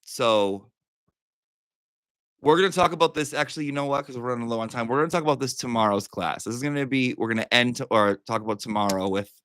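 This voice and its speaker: A man's voice: mid-range voice, fast talker, fairly bright tone, dry recording, clean studio sound. A man hosting a livestream, joking around casually and reading out viewer messages with a playful, sweary manner. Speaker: livestream host.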